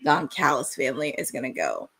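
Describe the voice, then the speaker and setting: A young woman with a rumbling low voice and a breathy edge talks briskly while hosting a live wrestling watch-along. Her excitable play-by-play turns into shouting at the big moments.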